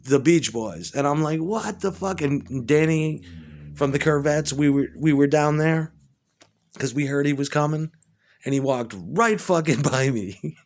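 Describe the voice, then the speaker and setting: A man's voice: on the high side, a little slow. Profane rambling male storyteller. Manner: profane, rambling, excitable when retelling. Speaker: musician. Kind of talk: casual storytelling monologue.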